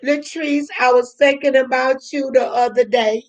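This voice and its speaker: A woman's voice: high voice, fairly even intonation, rough recording. An older woman hosting a live stream, talking to her viewers in an emotional, near-tearful way and calling them honey. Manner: slow, emotional, near tears. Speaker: channel host.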